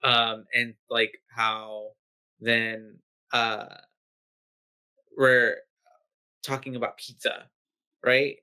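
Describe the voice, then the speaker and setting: Bright, sharp-voiced man chatting casually. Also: mid-range voice, flat delivery, drawn-out words, long pauses, smooth. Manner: loose, swearing, constant "like" fillers. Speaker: podcast co-host. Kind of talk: casual chat recapping a horror film.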